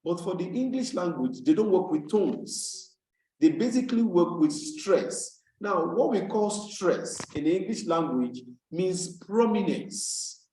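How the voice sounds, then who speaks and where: A male tutor gives an online lesson, speaking in a slightly high voice and patiently repeating key terms so students catch them. The sound comes through a video call from a room with a noticeable echo. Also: animated, measured pace, mellow. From Nigeria. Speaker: English tutor.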